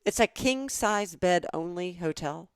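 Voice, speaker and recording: A middle-aged woman with a Southern US accent, co-hosting a podcast, teasing and asking quick questions. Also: lowish voice, lively intonation, smooth, no echo, clean studio sound. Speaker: podcast co-host. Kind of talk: casual chat.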